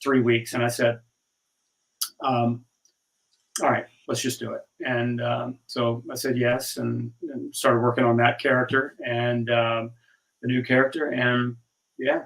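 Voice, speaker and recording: A middle-aged man guesting on a video call, easygoing and chatty, acting out bits of old conversations as he recounts them. His voice comes across from a bit back from the mic, with a mid-range pitch. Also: little pitch movement, measured pace, a bit bright, recorded from a distance, rough recording. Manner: easygoing storyteller, acts out dialogue. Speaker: actor guest. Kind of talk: casual interview chat.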